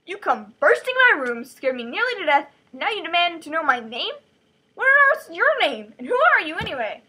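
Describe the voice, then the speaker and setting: A woman's voice: very high voice, sing-song, a little fast, sharp tone, voice pushed up, heavily acted. A woman voicing a boastful, flippant seventeen-year-old British boy who rambles on. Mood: indignant.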